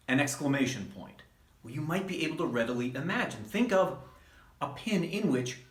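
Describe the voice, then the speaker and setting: A man, a wrestling trainer, giving a measured, emphatic instructional talk. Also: fairly high pitch, a bit bright. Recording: roomy echo.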